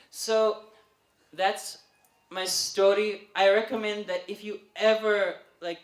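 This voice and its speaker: A young man doing stand-up comedy at an open mic, telling a chatty, animated story and often laughing through his lines. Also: high-pitched, slow, reverberant. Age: young adult. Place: open mic night venue.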